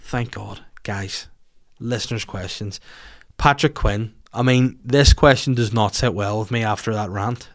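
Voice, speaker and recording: A man's voice: lowish voice, unhurried. A man in his thirties with a Northern Irish accent, hosting a podcast with a sweary, rambling, self-mocking comic rant. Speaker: podcast host.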